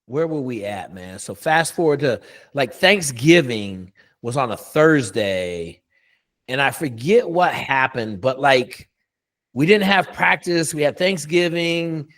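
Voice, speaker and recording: A man's voice: medium pitch, animated, slow pace, a bit bright. A middle-aged man, a coach, telling a story in a casual interview, blunt and profane with lots of emphasis.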